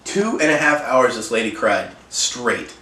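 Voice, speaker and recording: A man telling a story in casual chat, animated and laughing, with plenty of swearing. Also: medium pitch, a little slow. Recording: echoey room, distant mic, faint hiss.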